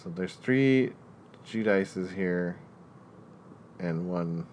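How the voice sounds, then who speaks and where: A man's voice: deep voice, drawn-out words, a little mellow, a little hiss or hum. A man hosting a casual trivia game, who teases and laughs often. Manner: playful, teasing, laughs often. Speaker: quiz host.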